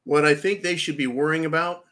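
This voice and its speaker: A man's voice: fairly high pitch, steady tone, a little fast, fairly bright tone. A man hosting a political commentary show, delivering a vehement, profane rant that keeps turning to address his audience as "folks".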